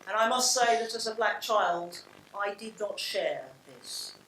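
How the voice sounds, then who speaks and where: A woman's voice: medium pitch, lively intonation, unhurried, a bit bright, a little hiss or hum. An older woman from England with a London accent, giving a blunt, reflective public talk with frequent restarts. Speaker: panel speaker. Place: large hall. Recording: roomy hall sound from a distance.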